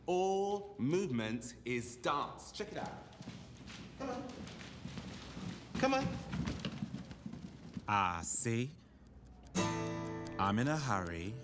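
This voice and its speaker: An actor playing a playful, theatrical teacher, coaching a class in a teasing, animated way. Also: male voice, medium pitch, extremely slow, long pauses. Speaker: drama and dance teacher. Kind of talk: film drama. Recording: echoey hall with loud music.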